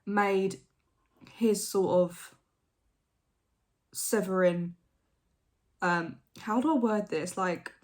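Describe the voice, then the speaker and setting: A young woman hosting a reaction video, thinking aloud in a hesitant, rambling way with many fillers and restarts. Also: medium pitch. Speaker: reaction channel host. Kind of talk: casual reaction commentary.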